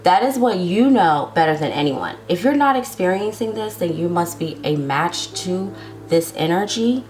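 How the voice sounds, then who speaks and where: A woman with a lowish, expressive, slightly mellow voice gives her viewers a casual tarot love reading while faint music plays behind her. She's chatty, draws out her words, and keeps checking in with "okay?"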